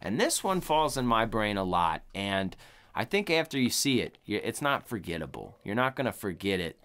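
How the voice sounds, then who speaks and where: A man's voice: on the low side, very animated, moderate pace, a bit bright. A man co-hosting a podcast in casual chat, rambling and swearing, with lots of "like" and "you know". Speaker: podcast co-host.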